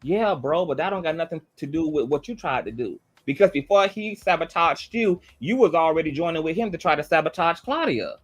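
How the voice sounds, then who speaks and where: A man's voice: on the high side, animated, fairly quick, few pauses. A man giving a heated, blunt commentary monologue, swearing freely and repeating his points for emphasis. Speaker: online commentator.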